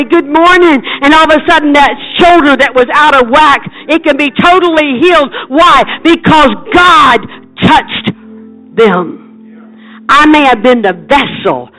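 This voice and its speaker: This high-voiced older woman is an evangelist delivering an impassioned sermon that builds into rhythmic, shouted repetition. The recording is rough.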